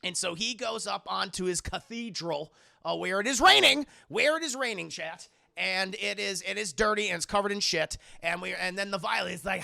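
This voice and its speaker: A man's voice: high voice, moderate pace, creaky, bright, forceful tone. A man streaming a casual film recap, talking in a profane, rambling way.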